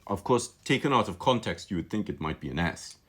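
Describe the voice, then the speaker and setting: A man's voice: low voice, expressive, fairly quick, fairly bright tone, slightly rough. A man teaching calligraphy on a live stream, musing aloud with enthusiasm, often restarting his sentences. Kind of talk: live-streamed lesson, casual commentary.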